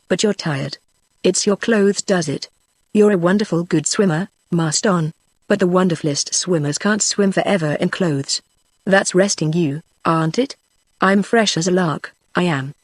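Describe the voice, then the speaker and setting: Low-voiced synthetic woman reading a novel. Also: no room sound. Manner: even, steady machine reading. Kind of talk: text-to-speech audiobook narration.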